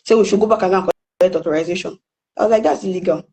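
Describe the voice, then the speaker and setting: A woman's voice: medium pitch, very fast, warm tone, poor audio. A young woman with a Nigerian accent, telling a story in casual chat and acting out the people she quotes. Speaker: guest storyteller.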